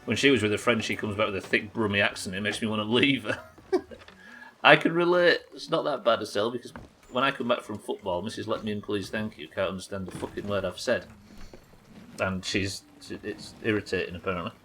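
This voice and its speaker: A man's voice: on the low side, brisk, bright, forceful tone, slight background noise. An English man streaming a game, chatting casually and rambling, swearing freely as he plays. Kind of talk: casual chat while playing.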